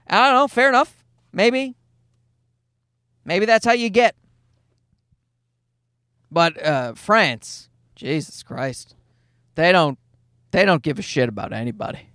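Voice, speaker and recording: Profane, high-voiced ranting man. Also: expressive, a little slow, long pauses, a bit bright, smooth, no room sound, clean studio sound. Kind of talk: casual comic storytelling.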